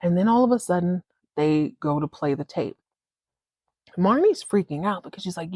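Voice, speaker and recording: A woman host chatting casually through a TV episode recap, slangy and animated. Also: on the low side, moderate pace, no room sound, clean studio sound. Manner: chatty, slangy, acts out characters. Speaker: podcast host.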